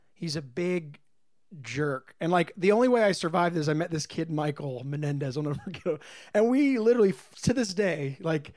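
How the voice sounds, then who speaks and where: A man's voice: high-pitched, darkish tone, dry recording. A man telling a rambling story as a podcast guest, giggling and breaking into goofy impressions. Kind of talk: casual chat.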